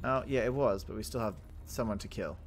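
A young man hosting a let's play, chatting excitably and joking at himself over the game. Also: lowish voice, a little fast, soft background music. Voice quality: chatty, excitable, self-mocking. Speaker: gaming channel host.

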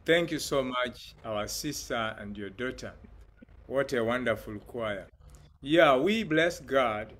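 Man leading a Bible study on a call, hesitant, with fillers and a mid-range pitch. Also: expressive, takes it slowly, a bit bright.

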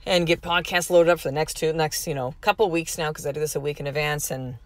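Chatty woman podcast host, lowish voice. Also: fairly even intonation, fast, no room sound. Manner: candid, chatty storytelling with many fillers. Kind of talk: casual podcast monologue.

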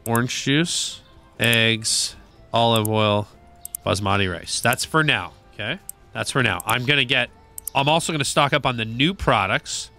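A gaming video creator gives loose, jokey commentary over his gameplay, chatting to the characters on screen and cursing here and there. His voice is mid-pitched with some vocal fry, and he keeps a measured pace while faint music plays underneath.

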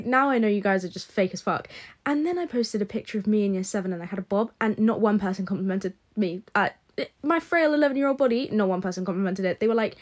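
A young woman telling funny stories in a casual monologue, swearing freely, deadpan, and tagging lines with "right?". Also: medium pitch. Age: young adult. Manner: sweary, deadpan comic storytelling with frequent "right?". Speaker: content creator.

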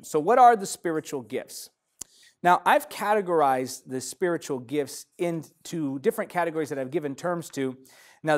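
A young adult man, a pastor, teaching a sermon with lively, emphatic stresses. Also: fairly high pitch. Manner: emphatic, lively preaching with sudden loud stresses.

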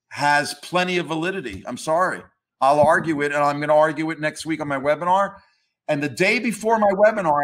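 Emphatic, ranting man with a higher voice. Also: a bit bright. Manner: emphatic, ranting, swears casually. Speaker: comics historian guest. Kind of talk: opinionated interview talk.

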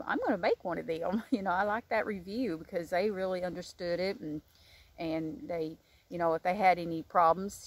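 Woman, low-pitched, rambling casual chat, crochet vlog host, outdoors. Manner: chatty, rambling, warm-hearted with many fillers. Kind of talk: casual book review chat.

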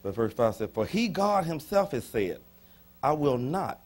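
Husky-voiced preaching man in church. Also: mid-range voice, very animated, measured pace, a little mellow. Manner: emphatic preaching with call-and-response, repeats lines for emphasis. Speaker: pastor. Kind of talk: sermon. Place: church sanctuary.

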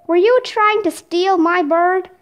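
A woman voicing a gruff, grumbling man who sells birds at a market, barking his lines in a storybook reading. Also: very high voice, slow. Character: gruff grumbling male market bird seller.

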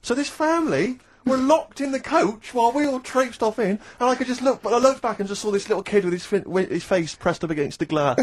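A man with a high, light voice chats on a radio show, racing through his stories. He tells anecdotes with lively animation, recorded in a studio. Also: quick pace, hardly any pauses, background noise. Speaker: radio co-host. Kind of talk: casual radio chat.

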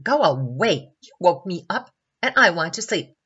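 A woman voicing a boastful, grumpy young male baobab tree in a children's storybook reading, whining and complaining loudly. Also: on the low side, very animated, moderate pace, breathy edge, muffled recording, voice pushed up, heavily acted. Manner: whiny, loud complaining.

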